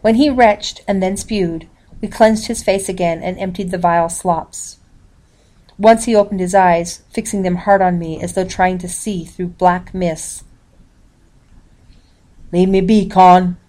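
A woman reading a historical novel aloud, calling out the page numbers as she goes. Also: on the low side. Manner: even, measured reading with page numbers announced. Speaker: reader.

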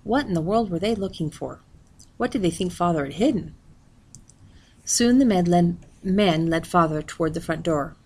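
A woman reading a novel aloud in a steady, plain narrating manner. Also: on the low side, moderate pace. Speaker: reader.

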